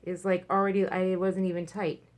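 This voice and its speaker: A woman's voice: fairly low pitch, level tone, brisk. A woman talking frankly in a rambling personal vlog at home, full of fillers and restarts. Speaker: vlogger. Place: at home, indoors.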